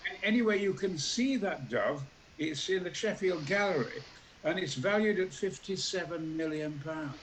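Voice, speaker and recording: A man in his eighties with a Yorkshire accent, a talk show guest telling stories theatrically and acting out the characters with booming outbursts. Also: moderate pace, slight background noise, low-quality recording. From Yorkshire, England. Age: 80s. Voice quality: booming, larger-than-life delivery with sudden loud outbursts. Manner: animated storyteller who acts out every character.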